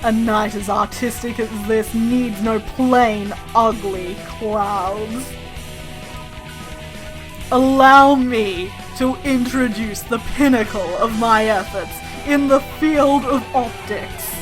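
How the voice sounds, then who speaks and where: A woman's voice: fairly high pitch, slow, over music. A woman voicing a vain, grandiose male bird inventor who talks in a pompous, theatrical way. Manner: pompous, theatrical, self-admiring.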